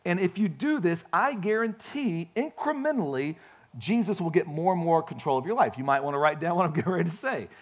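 A male pastor preaching a sermon, folksy and animated, telling stories with frequent restarts. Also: on the high side, husky. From grew up on a farm.

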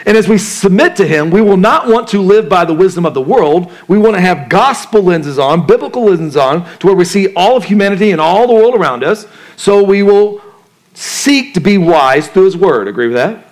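A man's voice: high voice, animated, moderate pace. A male pastor preaching a sermon in a conversational way, asking the congregation questions and acting out the voices in people's heads. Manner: conversational preaching, asks the crowd questions, acts out inner voices.

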